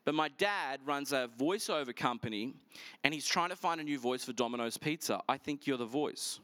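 A man voicing an excited, chatty young woman stranger in a retold story. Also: mid-range voice, moderate pace.

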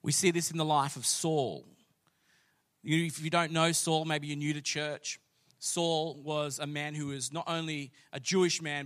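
A man, preaching a sermon and telling a story with rising passion. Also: fairly high pitch. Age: late 30s. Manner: storytelling, builds to loud passionate declaring. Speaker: pastor.

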